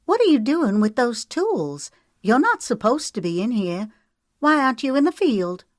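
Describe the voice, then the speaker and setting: A woman voicing a fiery young woman, a little sister, with a high, sharp and defiant delivery. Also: wildly swooping pitch, moderate pace, no echo, studio quality. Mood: indignant.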